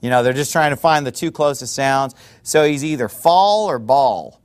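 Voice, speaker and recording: A man preaching a sermon in a conversational, digressive way with quick rhetorical asides. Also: medium pitch, expressive, clean tone.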